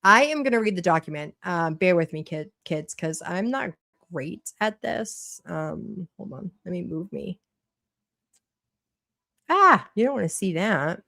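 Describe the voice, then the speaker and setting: A woman's voice: lowish voice, lively intonation, unhurried, gravelly, bright, forceful tone, no room sound, clean studio sound. A woman with a Boston accent hosting a casual livestream, chatty and blunt, swearing freely while she reads a court document aloud. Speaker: livestream host.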